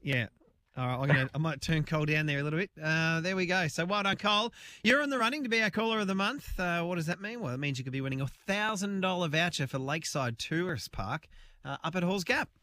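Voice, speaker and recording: An Australian man in his thirties hosting a breakfast radio show, relaxed and chatty. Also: a little high, quick pace, no echo. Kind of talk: casual radio banter.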